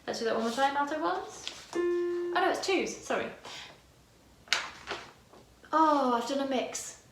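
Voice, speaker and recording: Chatty woman choir director, high lively voice. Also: measured pace, reverberant, over loud music. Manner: demonstrates lines by singing, chatty and self-correcting. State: tired voice, using head voice. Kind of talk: singing lesson, teaching parts.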